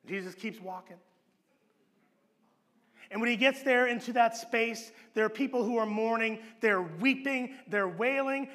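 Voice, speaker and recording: High-voiced male pastor preaching. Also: moderate pace. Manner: animated storytelling, acting out quoted voices and dropping low for emphasis. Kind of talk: sermon. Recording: long hall reverb.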